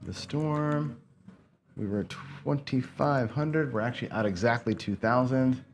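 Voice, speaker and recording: A frustrated gambling channel host gripes his way through casual casino play-by-play, his medium-pitched voice unhurried. He rambles and curses, mostly talking to himself as he plays.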